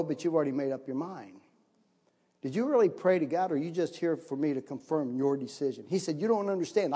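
A middle-aged man preaching with a fairly high voice that leaps higher as he acts out moments of panic. His lively storytelling rings out with a long reverb that fills the hall around him. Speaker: missionary pastor. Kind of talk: sermon with storytelling.

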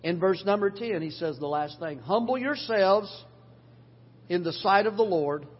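An older male pastor preaches with a husky, fairly high voice, pressing his points through repetition and moving between loud urging and near-hushed passages. The sound is dull and carries a long reverb, as if picked up in a church sanctuary. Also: lively intonation, a little slow. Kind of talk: sermon.

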